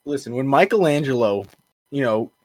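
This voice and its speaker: A man's voice: mid-range voice, expressive, normal speed, a crowd in the background. A man chatting casually on a podcast, dropping playful jokes and asides. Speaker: podcast co-host. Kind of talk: casual chat.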